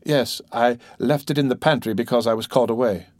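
A man's voice: mid-range voice, steady tone, a little fast, a little mellow, no room sound, close to an everyday voice. A man voicing a dying servant, gasping and pleading. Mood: weak. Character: dying male servant, terrified and choking.

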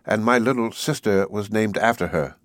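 A man reading an audiobook, voicing a timid, lonely middle-aged weaver who speaks in a hesitant, low, quiet way. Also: normal speed, no room sound, clean studio sound, close to an everyday voice. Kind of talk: audiobook character voice.

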